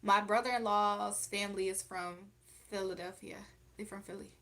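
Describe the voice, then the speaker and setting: Woman on a livestream reading chat, blunt and chatty, laughs a lot, mid pitch. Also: steady tone, normal speed, fairly bright tone. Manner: blunt and outspoken, laughs often. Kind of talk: casual live chat.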